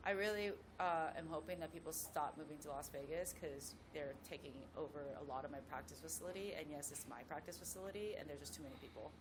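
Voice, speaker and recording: A woman, a professional golfer, telling a story as a guest in a casual chat with lively asides. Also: low-pitched, fast, few pauses, background noise.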